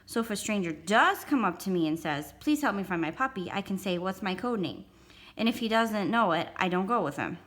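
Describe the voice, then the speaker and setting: A woman's voice: mid-range voice, expressive, a little fast, a bit bright, natural voice. Woman doing a chatty little boy. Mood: insistent. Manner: chatty, eager, matter-of-fact. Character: cheeky little boy, about five.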